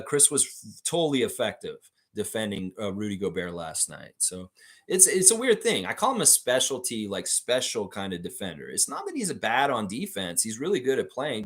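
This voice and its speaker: A man's voice: lowish voice, a bit bright. A man hosting a live fan stream, chatting casually, reading viewer comments, and swearing freely with lots of fillers. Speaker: fan show host.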